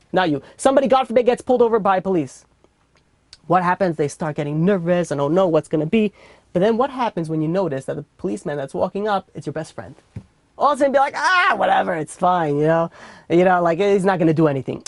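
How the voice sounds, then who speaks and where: A man's voice: sits high, no room sound, clean studio sound. A man with a New York accent teaching an informal Torah class in a casual, chatty way full of fillers and restarts. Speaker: rabbi teaching a weekly class.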